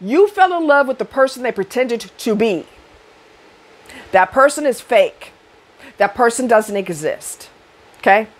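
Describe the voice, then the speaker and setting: A middle-aged woman giving dating advice in a blunt, profane monologue to camera, rising loud and high when she rants. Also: lively intonation, unhurried, pauses often.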